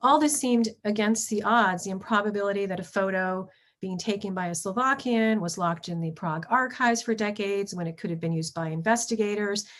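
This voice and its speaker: Halting woman giving a history lecture. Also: mid-range voice, a little hiss or hum. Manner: halting, frequent ums and restarts. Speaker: history professor. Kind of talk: lecture with slides.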